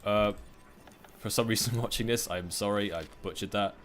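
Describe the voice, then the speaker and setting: A man's voice: lowish voice, normal speed, a bit bright, a little hiss or hum. A man hosting a let's-play, chatting casually over his gameplay with plenty of fillers and restarts. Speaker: gaming let's-play host. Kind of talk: casual game commentary.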